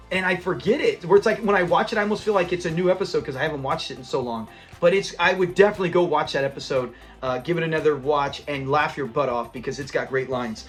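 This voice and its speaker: A man with a high-pitched voice recaps a sitcom episode in a loose, excited way, laughing as he goes and acting out the characters' lines. Faint music plays quietly underneath. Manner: animated retelling, laughs often, acts out the characters' lines. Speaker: TV episode reviewer.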